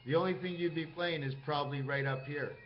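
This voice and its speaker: A man's voice: on the high side, steady tone, brisk. Rambling man, muffled lo-fi sound. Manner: rambling, jumps between topics, asks himself questions. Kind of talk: rambling monologue to camera. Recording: muffled lo-fi recording with faint music.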